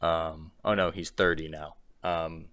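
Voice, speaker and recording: A man in his twenties giving sarcastic casual commentary, halting with frequent ums. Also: rumbling low, little pitch movement, fairly bright tone, smooth. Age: 20s. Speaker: streamer.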